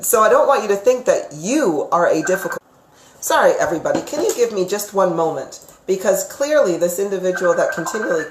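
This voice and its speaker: A woman's voice: mid-range voice, expressive, fairly quick, slight background noise. A woman giving live psychic readings, chatty and rambling, who affectionately calls her viewers sweetheart. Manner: chatty and rambling, with frequent fillers and restarts. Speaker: psychic reader. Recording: echoey room.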